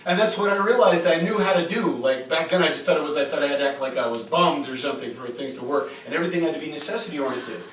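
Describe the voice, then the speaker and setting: Fairly high-voiced, a man delivers a casual lecture at a group retreat, weaving stories into his points and tossing in a rhetorical "right?" again and again. He talks fast with few pauses, animated and chatty. The mic picks him up from a distance in an echoey room, with faint hiss beneath.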